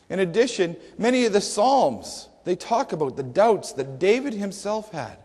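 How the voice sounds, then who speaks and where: A man's voice: sits high, a little mellow, breathy edge. A male pastor preaching a sermon emphatically, with rhetorical questions and dry humor. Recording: long hall reverb.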